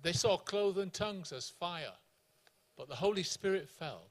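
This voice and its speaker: A man guest pastor with a South African accent, explaining scripture in a measured, teaching way. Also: sits high, lively intonation.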